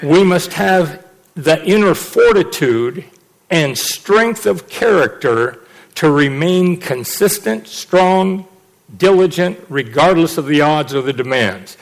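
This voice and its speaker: A middle-aged male preacher delivering a sermon in a somewhat high voice. He presses his points hard and hammers key phrases again and again. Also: animated, a little slow, rough recording. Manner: emphatic, repeats phrases for stress.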